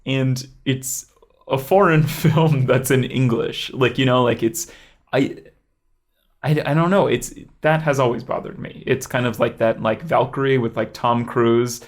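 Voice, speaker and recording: A man's voice: mid-range voice, a little slow. A young man co-hosting a casual movie review podcast, rambling with lots of fillers and hedges. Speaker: podcast co-host.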